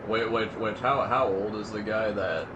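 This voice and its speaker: A man's voice: fairly low pitch, steady tone, normal speed, muffled recording. A man co-hosting a casual podcast chat, hesitant and rambling, full of fillers. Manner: hesitant, many fillers and restarts. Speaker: podcast co-host. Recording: audible background noise.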